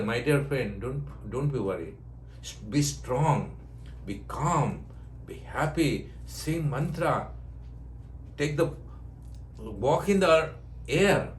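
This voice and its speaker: A man's voice: fairly high pitch, reverberant, slight background noise. An older man, a yoga teacher, giving a spiritual talk in short, repeated phrases of broken English, often laughing. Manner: non-native English with broken grammar. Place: ashram.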